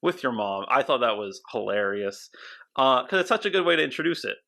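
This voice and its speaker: A man with a mid-range, bright voice co-hosts a podcast. He spins fan theories in an animated, rambling way, restarting his sentences as ideas tumble out. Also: medium pitch, fairly quick, creaky. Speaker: podcast co-host. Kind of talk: casual podcast chat.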